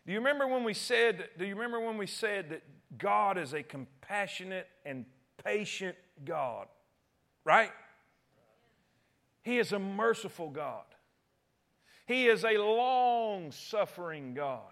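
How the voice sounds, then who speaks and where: A man with a high voice preaching a sermon. He repeats phrases and restarts often, driving his points home emphatically. He swings between loud cries and hushed, low tones. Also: lively intonation, measured pace, gravelly.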